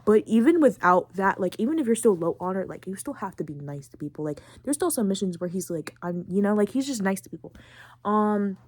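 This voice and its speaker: A young woman in her late teens hosting a podcast, rambling and excitable with lots of fillers. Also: mid-range voice, brisk, no room sound. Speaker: podcast host. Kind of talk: casual chat recapping a video game.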